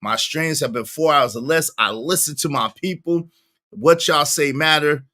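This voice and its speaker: A man hosting a casual livestream, greeting viewers by name, with sudden jumps into squeaky high tones. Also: moderate pace, pushed and bright. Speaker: livestream host.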